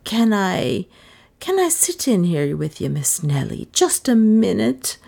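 A timid housemaid who frets and pleads in a plaintive voice, sure the house is haunted. A woman narrator puts her on, and the voice sounds set back from the mic. She is lively in pitch. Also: a little slow. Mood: fretful pleading. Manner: pleading, fretful.

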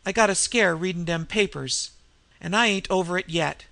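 A young woman posing as a hard-bitten slum dweller, put on by a male reader, demanding answers in clipped street slang. The voice is bright and gravelly, set in a dry storybook reading. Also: high-pitched, moderate pace, exaggerated voice. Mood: snappish.

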